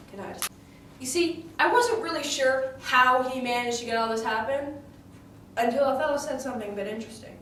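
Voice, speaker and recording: In an echoey room with a distant mic, faint ambience, and slight background noise, a woman with a high, fairly bright voice speaks briskly. She retells a tragedy in character, chatty and indignant, filling her story with fillers and restarts.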